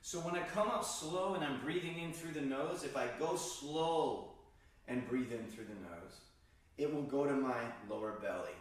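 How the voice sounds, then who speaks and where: Male qigong teacher, calm instructional delivery, recorded far off in a roomy space. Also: medium pitch, normal speed. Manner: calm, guiding, demonstrates breathing sounds. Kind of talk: instructional demonstration. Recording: very echoey room, distant mic.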